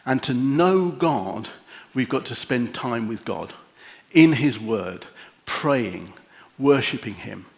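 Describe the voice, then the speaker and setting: Slow, gentle male preacher. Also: medium pitch, lively intonation, gravelly. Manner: slow, gentle and reflective with long pauses; emotional, easily moved. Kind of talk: sermon with closing prayer.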